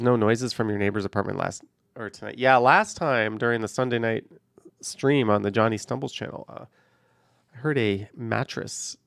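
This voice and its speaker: Gravelly man chatting from a car. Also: medium pitch, dry recording, clean studio sound. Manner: offhand, rambling, hedges with "I don't know". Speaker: livestream host. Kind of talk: casual live chat, reading viewer comments. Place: in a car while driving on a highway. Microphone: camera on a car mount.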